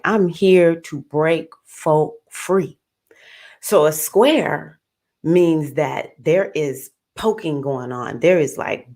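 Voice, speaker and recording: A woman astrologer hosting a relaxed livestream. She has a low, warm-toned speaking voice and an animated, playful manner. She laughs easily and chats directly with her viewers. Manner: animated and playful, laughs often, calls listeners "baby". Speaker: astrologer, host. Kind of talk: casual livestream talk.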